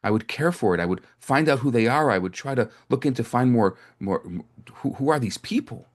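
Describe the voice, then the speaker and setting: Rabbi telling stories in conversational sermon. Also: male voice, mid-range voice, lively intonation, brisk. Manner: conversational, with frequent restarts and repetitions. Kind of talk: storytelling sermon to a live group.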